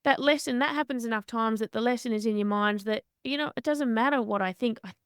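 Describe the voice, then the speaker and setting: A woman hosting a podcast, telling candid stories in an animated way. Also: on the high side, quick pace, smooth, dry recording, studio quality. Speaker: podcast host and boxer. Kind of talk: conversational interview.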